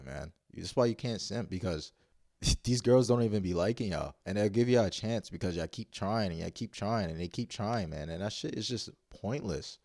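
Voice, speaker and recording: Deep-voiced man telling a blunt story. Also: darkish tone, dry recording, clean studio sound. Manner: blunt, profane slang, rambling restarts. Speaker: vlogger. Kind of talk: casual story time.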